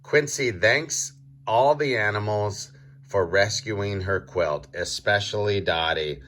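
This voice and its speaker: Slow, deep-voiced man reading to kids. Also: a bit bright. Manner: slow, deliberate, quizzing young listeners. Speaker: children's story reader. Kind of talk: read-aloud storybook for kids.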